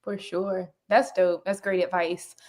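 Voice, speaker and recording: A woman's voice: fairly low pitch, flat delivery, unhurried, darkish tone. A woman hosting a live online interview, chatty and upbeat, with a lot of casual slang. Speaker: host.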